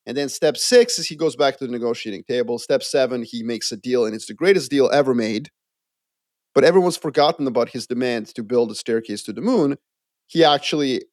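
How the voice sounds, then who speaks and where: A man co-hosting a casual podcast, explaining his views in an animated way and acting out quotes. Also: medium pitch, no echo, clean studio sound. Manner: animated, acts out quoted voices. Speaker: podcast co-host. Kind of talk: casual geopolitical chat.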